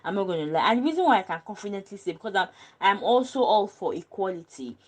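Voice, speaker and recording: A woman's voice: medium pitch, sing-song, fast. A woman in a casual panel discussion, talking earnestly and emphatically, with frequent ums and restarts. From Nigeria. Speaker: panel guest.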